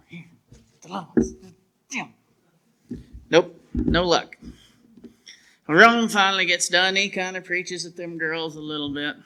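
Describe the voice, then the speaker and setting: A man's voice: a little high, pushed and bright. A man, telling his testimony at a church revival in a plainspoken, folksy storytelling way. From southwestern United States. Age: 50s. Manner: plainspoken storyteller with rural grammar. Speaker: preacher giving testimony.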